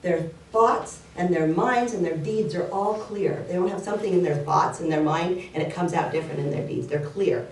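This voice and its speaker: A woman's voice: on the low side, moderate pace, few pauses, a little hiss or hum. Woman giving a sermon in an echoey hall. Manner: warm storytelling, earnest, repeats key phrases. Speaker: spiritual speaker. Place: church hall. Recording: roomy hall, mic at a distance.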